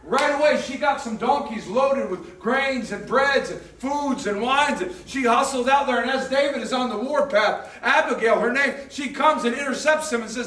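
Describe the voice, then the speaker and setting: A pastor preaching a sermon in a church hall, telling the story in an animated, emphatic way. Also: male voice, extremely high pitch, moderate pace, few pauses. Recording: echoey hall, mic at a distance.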